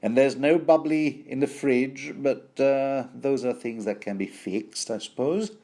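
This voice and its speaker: A man's voice: medium pitch, measured pace, warm tone, pitched above the performer's own voice. A man doing a teasing, mock-grand schemer.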